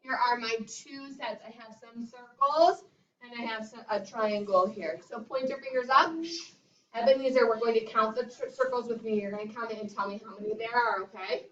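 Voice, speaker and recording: A woman's voice: on the high side, steady tone, moderate pace, fairly bright tone. A woman teaching a classroom math lesson to young children, leading them in sing-song call-and-response. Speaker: kindergarten teacher. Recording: roomy, distant, dull classroom recording.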